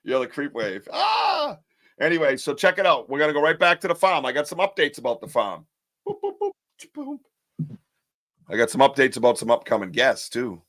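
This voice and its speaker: A man hosts a casual live podcast, talking in loose slang with plenty of jokes and asides. His voice sits at a middle pitch and comes across close and dry, with no room sound. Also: quick pace, hardly any pauses, a bit bright, no echo. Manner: loose, joking, rambling with slang. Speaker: podcast host. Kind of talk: casual live-stream chat.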